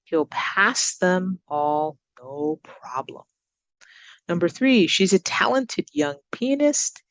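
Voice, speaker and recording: A woman teaching English to learners, giving example sentences and repeating words slowly with exaggerated stress. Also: fairly low pitch, sing-song, creaky, fairly bright tone, no room sound. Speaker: ESL teacher. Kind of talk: recorded English lesson.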